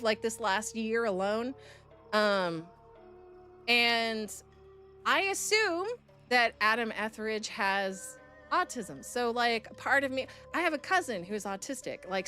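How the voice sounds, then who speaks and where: Woman streamer ranting to chat, swears a lot, bright punchy voice, bit high. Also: animated, measured pace, soft background music. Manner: blunt and profane, heated when ranting. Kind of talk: casual storytelling to chat.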